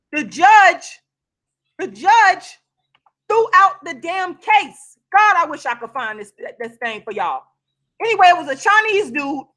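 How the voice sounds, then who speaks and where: A woman giving heated, impassioned commentary on a video call, swearing and raising her voice, then pausing to apologize for yelling. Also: extremely high pitch. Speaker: vlogger.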